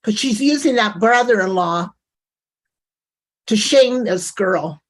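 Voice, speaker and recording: Indignant woman streamer, slow delivery. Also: mid-range voice, lively intonation. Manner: indignant, talks to her chat. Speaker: commentary streamer. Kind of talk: live reaction commentary.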